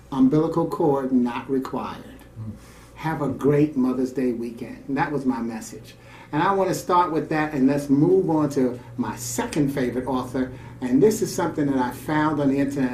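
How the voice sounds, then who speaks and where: Reading a story on air, a male radio co-host pauses for warm, reflective comments of his own. He has a fairly high pitch, and the recording is roomy, from a distant mic, with faint ambience and slight background noise.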